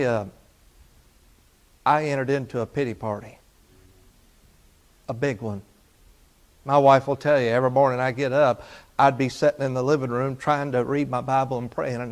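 A man preaching, telling a personal story with feeling, rising loud and falling hushed. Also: mid-range voice, normal speed, pauses often. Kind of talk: sermon testimony.

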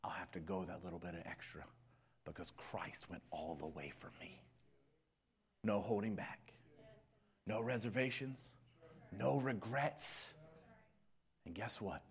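A man preaching a sermon, swinging between hushed whispers and shouted peaks. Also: low voice, moderate pace, pauses often. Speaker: pastor.

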